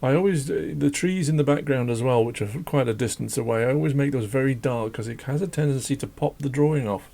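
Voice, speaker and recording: Croaky, rambling man chatting while drawing. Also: medium pitch, fast, few pauses, dark tone. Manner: rambling, chatty, self-deprecating, laughs often. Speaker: drawing channel host. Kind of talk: casual chat while drawing. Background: faint classical music.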